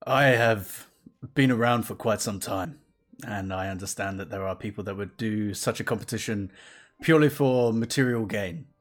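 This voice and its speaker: A man voicing a towering, calm male warrior-priest who speaks in a slow, measured, solemn way. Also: on the low side, close to an everyday voice.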